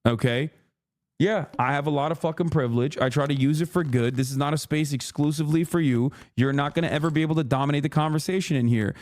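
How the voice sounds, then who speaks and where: A fast-talking man streamer with a slightly high, darkish voice rants angrily at his chat. He swears a lot and mock-quotes people in a sarcastic put-on tone.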